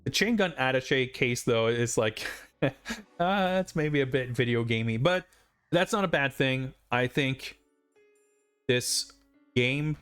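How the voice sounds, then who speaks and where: Man, live streamer, casual rambling commentary, middle pitch, faint music behind. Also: lively intonation, slow, a bit bright, clean tone. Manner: rambling, many fillers and asides. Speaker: streamer playing a game.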